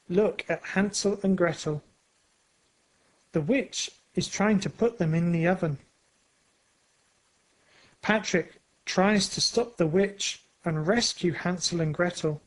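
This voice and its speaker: A storyteller reading a graded storybook aloud for learners. Every word is set out very slowly and clearly. The voice sits at a middle pitch. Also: poor audio. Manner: very slow, clear, carefully paced reading. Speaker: story narrator.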